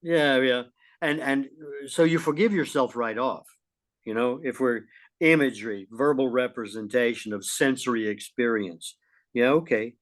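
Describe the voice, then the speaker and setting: A middle-aged man co-hosting a casual talk show, folksy and lively, often clearing his throat. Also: medium pitch, normal speed. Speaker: podcast co-host. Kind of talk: casual conversational chat.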